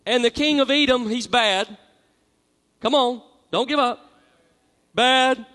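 High-voiced preacher in an echoing hall. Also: male voice, a bit bright. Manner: call-and-response with congregation, reads scripture aloud. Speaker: pastor. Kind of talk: sermon. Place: large church hall. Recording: long hall reverb.

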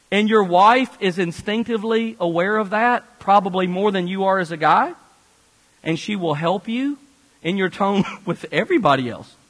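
A man preaching a sermon as a pastor, animated and conversational, speaking directly to the congregation. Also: sits high, in a large hall, low-quality recording.

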